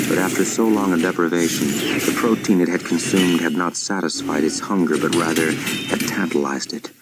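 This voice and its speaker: A man with a very deep, low voice reads a novel aloud. His narration is steady and measured, like an audiobook. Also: low-quality recording. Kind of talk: audiobook-style reading.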